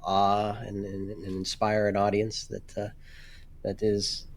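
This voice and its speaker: A man with a fairly low voice co-hosts a relaxed podcast conversation. He pauses often, fills gaps and restarts his sentences as he finds his words. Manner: halting, many fillers and restarts. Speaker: podcast co-host. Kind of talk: casual chat.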